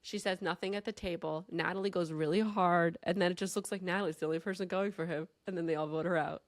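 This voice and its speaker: A woman's voice: lowish voice, fairly even intonation, fast talker, dry recording, clean studio sound. A woman hosting a podcast in casual chat, retelling events emphatically and swearing freely. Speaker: podcast host.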